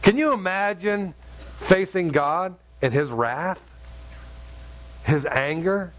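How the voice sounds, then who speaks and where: A man's voice: high-pitched, lively intonation, takes it slowly, a bit bright. A middle-aged man preaching a sermon, telling stories with humor and punchy sound effects. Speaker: pastor.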